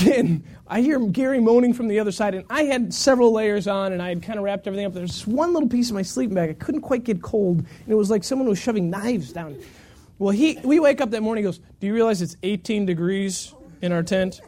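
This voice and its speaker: Guy pastor with a really high voice, animated storyteller, jokes at his own expense. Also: fairly quick. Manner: animated, self-mocking storyteller with acted-out quotes. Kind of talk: storytelling sermon.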